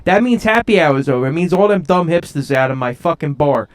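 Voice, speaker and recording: A man voicing a brash, foul-mouthed South Philly bar regular, gruff and swaggering. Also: on the high side, lively intonation, fairly quick, natural voice. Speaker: podcast co-host.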